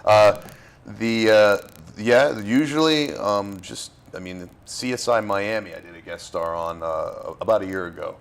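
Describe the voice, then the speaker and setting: A man's voice: fairly low pitch, measured pace, smooth. A man from Florida, an actor being interviewed, talking in a loose, rambling way with fillers and restarts. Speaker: actor, guest. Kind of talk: casual interview.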